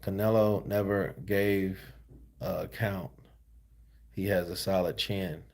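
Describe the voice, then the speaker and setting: A man's voice: deep voice, fairly even intonation, slow pace, darkish tone. A tired man hosting boxing commentary, reading viewer comments in a loose, slangy, laid-back way. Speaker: host of a boxing news channel.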